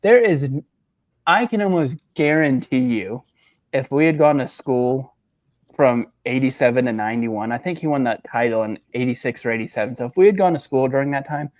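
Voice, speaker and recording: With a medium-pitched voice and no echo, a man co-hosts a sports podcast in casual conversation. He spins animated stories, breaking into quick laughs and performing the quotes.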